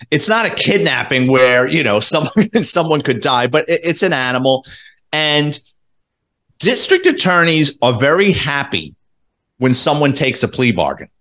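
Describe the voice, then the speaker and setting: A middle-aged man, a former police officer telling a story in a casual interview, animated and profane, acting out the dialogue. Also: mid-range voice. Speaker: former police detective, guest.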